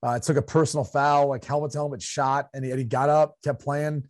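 A man's voice: medium pitch, little pitch movement, a little fast, dry recording, clean studio sound. A man from Ohio co-hosting a sports talk podcast in a chatty way, with fillers. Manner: chatty, with frequent fillers and laughs. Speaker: podcast co-host.

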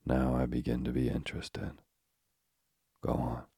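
A man's voice: extremely low pitch, monotone, measured pace, creaky, warm tone, husky, no room sound, clean studio sound, full character voice. A man voicing a mild old clock. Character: old clock, male, slow and agreeable.

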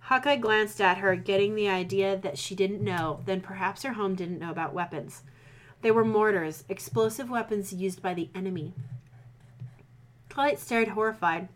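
A woman's voice: medium pitch, normal speed. Woman casually reading a story aloud. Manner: relaxed, stumbles and self-corrects while reading. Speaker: podcast host reading stories. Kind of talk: casual read-aloud of fan fiction.

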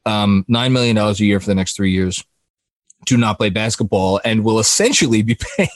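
A man's voice: on the low side, fairly quick, dry recording. A man hosting a casual sports podcast, rambling with frequent laughs and restarted sentences. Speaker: podcast host.

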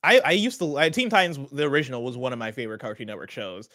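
A man's voice: medium pitch, fairly bright tone. A man co-hosting a podcast, chatting casually in an upbeat way. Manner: quick, upbeat, laughing. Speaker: podcast co-host. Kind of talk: casual chat.

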